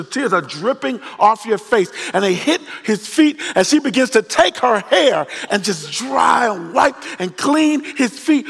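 A male pastor preaching a storytelling sermon, joking in slangy, animated retelling. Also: very high-pitched, creaky, husky. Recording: long reverb of a large hall.

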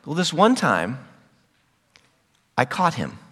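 A middle-aged male pastor giving a sermon, telling a childhood story, an animated storyteller who jumps to loud high squeals when acting out scenes. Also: takes it slowly, husky. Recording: long hall reverb.

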